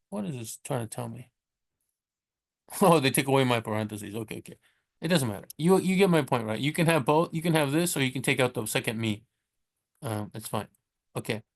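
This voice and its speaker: A man teaching Spanish in a casual way, chatty and correcting himself, who slows down to sound out each Spanish word. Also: medium pitch. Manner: chatty, self-correcting, laughs at his slips. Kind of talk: casual screen-share lesson.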